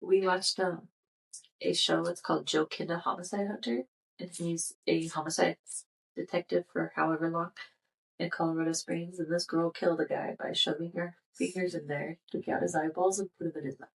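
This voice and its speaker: A lower-pitched woman chats casually on a podcast, reading out strange facts and tossing in wry jokes. She sits a little back from the microphone, so her voice sounds slightly distant. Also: flat delivery, normal speed, creaky. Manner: reads facts aloud with joking asides. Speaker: podcast co-host. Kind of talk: casual chat reading out weird laws.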